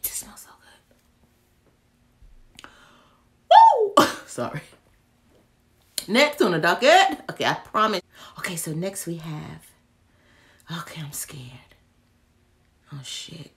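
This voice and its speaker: Lively, playful woman vlogger. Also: mid-range voice, measured pace, pauses often. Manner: playful, talks to herself, often drops to whispers. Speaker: vlogger reviewing candles. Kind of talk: casual haul video chat.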